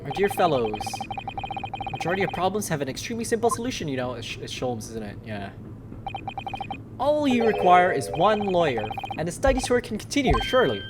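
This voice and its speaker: A woman voicing a showy, teasing English gentleman detective, with grand, drawn-out theatrical phrasing. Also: lowish voice, very animated, very noisy. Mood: grandly polite. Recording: loud game music underneath.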